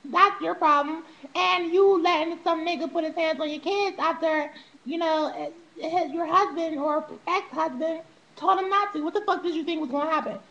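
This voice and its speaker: A young woman recounts her own past directly to the camera, vlog-style, casual and full of profanity, at a moderate pace. Her voice is very high, bright, sharp and creaky, on lo-fi sound. Frequent laughter punctuates animated impressions of the people she describes.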